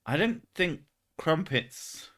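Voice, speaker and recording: A man's voice: a little high, sing-song, takes it slowly, a bit bright. A young man hosting a casual stream chat, joking, swearing often and laughing between jokes. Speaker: streamer host.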